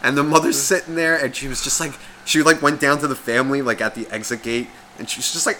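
A man in his thirties spins an animated, swear-heavy story on a casual podcast, slipping into other people's voices. His voice is bright and forward, with a light hiss of background noise. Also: mid-range voice, quick pace, few pauses. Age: 30s. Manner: animated, profane, acts out quoted voices. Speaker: podcast co-host.

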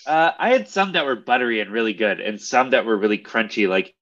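Easygoing man, bright lowish voice. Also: big pitch swings, brisk, highs cut off. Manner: easygoing, reviewing snacks. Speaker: podcast co-host. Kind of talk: casual chat.

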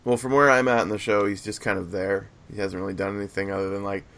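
A young man co-hosting a casual podcast, an excitable storyteller who acts out scenes. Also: lowish voice, fast talker. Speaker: podcast co-host.

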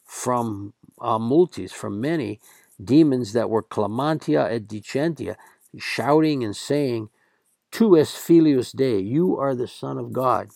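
Slow gravelly male Latin teacher. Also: mid-range voice, a little mellow, dry recording, clean studio sound. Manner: slow, deliberate, reads Latin aloud then translates. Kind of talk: lecture translating scripture passages.

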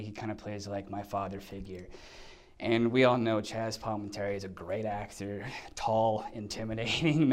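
Guy actor swapping set stories in an interview, mid-pitch, gets animated, throws in sound effects. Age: under 50. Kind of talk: casual storytelling in an interview.

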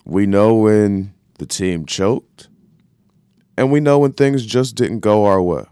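A man co-hosting a casual sports talk show, making his points slowly and deliberately. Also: fairly low pitch, animated, warm tone, smooth, no room sound, clean studio sound. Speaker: podcast co-host.

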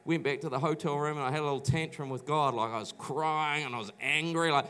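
In a church auditorium, a middle-aged New Zealand pastor delivers a sermon built on his own testimony. His high-side voice is expressive and a bit bright, and he talks briskly with hardly any pauses, restarting often and acting out quoted lines in a conversational storytelling style.

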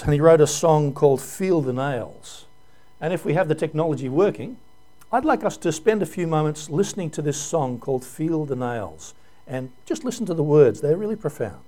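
A man's voice: fairly high pitch, warm tone. A male pastor giving an earnest, emotional sermon full of rhetorical questions.

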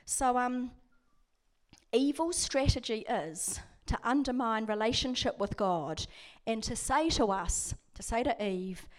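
A woman's voice: fairly high pitch, slow pace. A woman, preaching a sermon as a prison chaplain in a conversational, storytelling way. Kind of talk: sermon with scripture reading.

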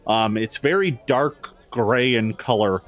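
A man's voice: medium pitch, takes it slowly, a bit bright. A man narrating as game master in a tabletop game, rambling with many fillers and restarts.

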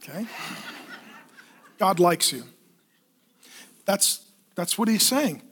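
A man preaching a sermon as pastor, telling stories in an animated way, acting out voices and asking the congregation to answer back. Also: sits high, slow pace, slightly rough. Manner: animated storytelling with acted kid voices, asks the congregation for responses.

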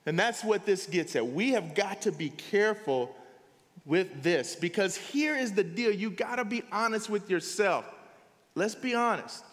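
Man, pastor, high voice, lively swinging delivery, conversational sermon, church hall reverb. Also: measured pace. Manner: conversational, emphatic preaching with frequent "here's the deal". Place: church sanctuary.

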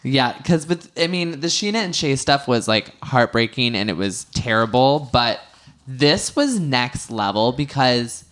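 A woman's voice: very deep voice, lively intonation, unhurried. A woman co-hosting a casual podcast, chatting about a reality show and acting out quotes with frequent restarts. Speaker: podcast co-host. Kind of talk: casual reality TV recap chat.

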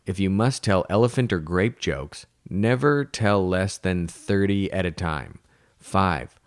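A man's voice: low voice, dry recording, clean studio sound. A man narrating a humorous children's book, playing a rambling joke teller who keeps correcting himself. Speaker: audiobook narrator.

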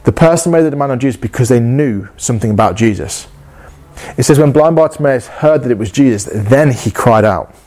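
Male preacher, mid pitch, earnest and passionate, restarts phrases as he builds his point. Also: animated, a little fast, darkish tone. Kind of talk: sermon.

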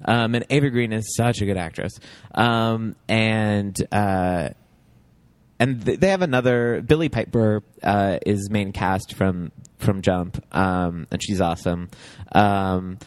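A man's voice: on the low side, slow, smooth, no room sound. A man chatting casually about a TV show, rambling with lots of fillers and laughs.

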